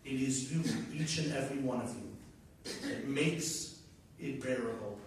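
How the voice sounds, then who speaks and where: Male rabbi, gala keynote, animated storyteller, distant echoey hall. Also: medium pitch, measured pace, a little hiss or hum. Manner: animated storytelling, rising emphasis. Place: large banquet hall.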